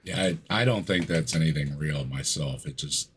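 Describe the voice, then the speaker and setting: A man as a podcast guest in casual chat, hesitant and quick to laugh. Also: rumbling low, a bit bright.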